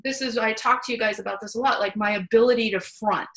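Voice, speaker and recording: A woman hosting a casual, candid conversation, telling stories in an animated way with the odd swear word. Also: fairly high pitch, quick pace, poor audio. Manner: animated, candid, salty storytelling. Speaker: host. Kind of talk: casual chat.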